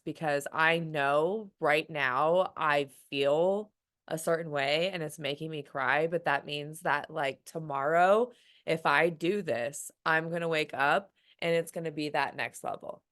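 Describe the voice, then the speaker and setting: Candid, low-voiced woman on a team call. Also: unhurried, a bit bright. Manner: candid, quotes her own inner voice, frequent "like" and "um". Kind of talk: motivational team call talk.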